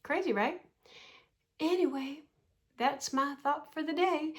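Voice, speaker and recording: Chatty woman in her sixties, slightly high voice. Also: takes it slowly, pauses often. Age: 60s. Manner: chatty, animated, exasperated, laughs often. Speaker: vlogger. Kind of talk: casual storytelling vlog.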